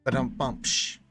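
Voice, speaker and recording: A man's voice: sits high, pushed and bright, no room sound, studio quality. A man hosting a casual live stream, reading viewer comments aloud and chatting back from a room full of action figures.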